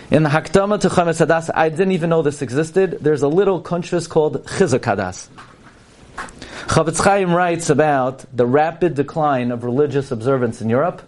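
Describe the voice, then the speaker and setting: A man's voice: on the high side, darkish tone. A man giving a sermon-style talk with stories at a fundraising parlor meeting. He speaks emphatically and works Hebrew and Yiddish terms into his storytelling.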